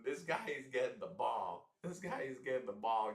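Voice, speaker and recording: A man giving casual live reactions to a football game, excitable and exasperated, often repeating himself. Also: medium pitch, normal speed, few pauses, reverberant, far from the mic.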